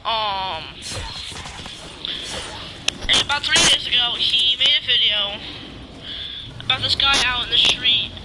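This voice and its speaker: A man's voice: extremely high pitch, slow pace, pauses often. A man, a gaming YouTuber, ranting casually in a vlog, rambling with lots of restarts and fillers and swearing now and then. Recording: noisy background hum.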